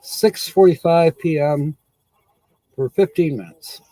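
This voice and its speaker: A man's voice: a little high, takes it slowly, mellow, no echo. A man hosting a casual live stream, rambling and chuckling often as he corrects himself.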